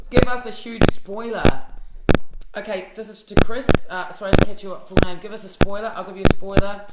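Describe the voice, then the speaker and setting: On a live fan Q&A, an actress with a New Zealand accent speaks in a steady, medium-pitched voice at normal speed. Playful and full of laughter, fillers and restarts, she reads viewer comments aloud, while the phone or laptop mic sounds reverberant and very noisy.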